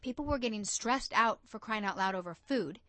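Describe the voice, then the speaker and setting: A woman's voice: medium pitch, animated, fairly quick, fairly bright tone, no room sound. A woman from the United States, a coach and entrepreneur, telling a story in an interview and acting out the voices she quotes.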